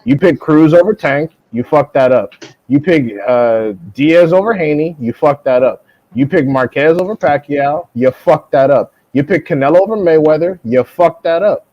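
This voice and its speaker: A man's voice: normal speed, highs cut off. Profane young man ranting on a stream. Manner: profane, mocking, mimics others in high voices. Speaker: boxing stream host. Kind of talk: heated casual live-stream rant.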